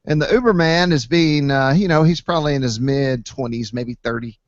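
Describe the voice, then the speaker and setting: A man hosting a casual online hangout, telling stories with lively jumps in pitch when he quotes people. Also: moderate pace, dry recording, muffled recording. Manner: animated storyteller, jumps to high pitch when quoting people. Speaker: host, site admin. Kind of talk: casual chat, storytelling.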